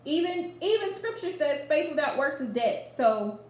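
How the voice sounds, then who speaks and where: A high-pitched woman talking straight to her viewers in a casual live chat. She is animated and drives her points home by repeating them. Her voice rings around an echoey room. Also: moderate pace. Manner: animated, repeats lines for emphasis, laughs often. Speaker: livestream host giving readings.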